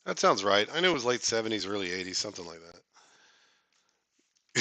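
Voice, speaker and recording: A man's voice: lowish voice, big pitch swings, measured pace, pauses often, sharp tone, no room sound. A man hosting a casual live stream, chatting with viewers in a rambling, joking way, full of fillers and restarts.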